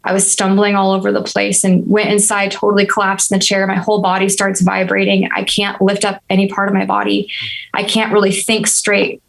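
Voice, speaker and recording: A woman in her thirties, appearing as a podcast guest, tells a personal story in an earnest, reflective, steady, even-toned way. Her mid-range voice is fairly quick and creaky, and the recording quality is low.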